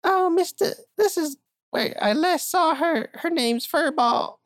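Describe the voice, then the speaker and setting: Shrill, frantic cat-owner lady. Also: lively intonation, a little slow, dry recording, clean studio sound. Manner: shrill, pleading, breathless. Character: hysterical frantic woman who lost her cat.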